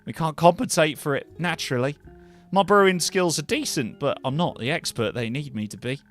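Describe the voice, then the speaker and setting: A weary, polite potion-brewing mage woman, as a man puts her on in a raised, lilting voice with a questionable accent and a dry, self-deprecating way of chatting. Her pitch sits on the high side and swings widely between lines. Soft music plays faintly underneath. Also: expressive, a little fast, close to an everyday voice. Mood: chatty. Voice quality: put-on higher voice with a questionable accent. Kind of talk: voicing characters in a cozy narrative game.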